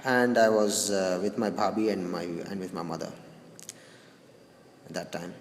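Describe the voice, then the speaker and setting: A grieving man recalling a family funeral, speaking haltingly with many restarts and sighs. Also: sits low, steady tone. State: grieving, subdued. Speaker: grieving brother recounting a funeral. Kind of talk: personal spoken recollection. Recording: roomy reverberant hall with faint noise.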